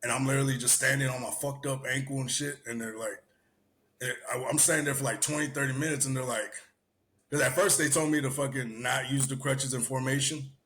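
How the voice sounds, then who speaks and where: A young man hosting a podcast, telling stories in a profane, animated way. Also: medium pitch, fairly quick. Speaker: podcast host. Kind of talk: casual chat.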